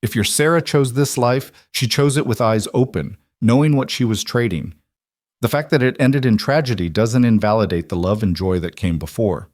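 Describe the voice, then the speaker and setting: A man voicing a frank young woman scientist who speaks in a steady, measured way, read as a storybook. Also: mid-range voice, no echo, studio quality, natural voice. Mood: earnest. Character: sharp-minded young female scientist, frank.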